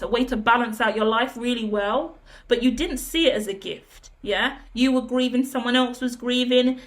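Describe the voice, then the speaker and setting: Coaching woman tarot reader, fairly high voice. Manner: direct and coaching, with frequent "yeah?" tags; lists things in rapid repetition. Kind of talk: direct-to-camera tarot reading.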